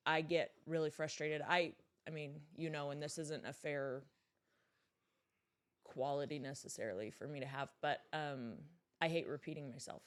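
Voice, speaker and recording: A woman in her thirties co-hosting a podcast with her husband, reflective and soft-spoken as she talks through her feelings. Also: deep voice, smooth. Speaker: podcast co-host. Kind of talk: casual chat.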